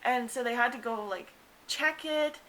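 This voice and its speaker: A woman's voice: normal speed, pushed and bright, slight background noise, low-quality recording. A young woman in her twenties telling her birth story in a chatty way, full of fillers, acting out what people said. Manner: chatty, many "like" fillers, acts out quotes in higher voice. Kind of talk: casual storytelling to camera.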